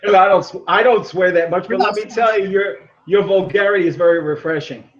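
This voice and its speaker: A man with a fairly high voice rambles through a casual call-in chat, animated and quick to laugh. He is heard over a muffled, lo-fi line. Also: noisy background. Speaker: caller.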